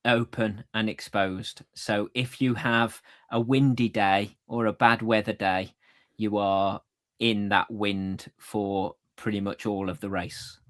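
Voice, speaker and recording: A man co-hosting a casual podcast, relaxed and a little hesitant, repeating himself as he talks. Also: lowish voice, takes it slowly. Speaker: podcast co-host. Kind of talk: casual chat.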